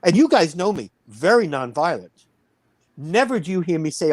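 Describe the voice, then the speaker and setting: A man's voice: fairly high pitch, lively intonation, brisk, darkish tone, no room sound. A man in his fifties, a wrestling promoter, telling a heated story in a blunt, boastful way. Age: 50s. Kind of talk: casual storytelling.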